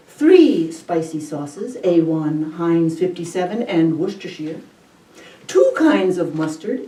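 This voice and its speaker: Slow, lively wry woman storyteller. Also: medium pitch, recorded from a distance. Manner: wry, deliberate, savoring details. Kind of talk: live personal storytelling. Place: stage at a live storytelling event. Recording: roomy hall, voice from the mic.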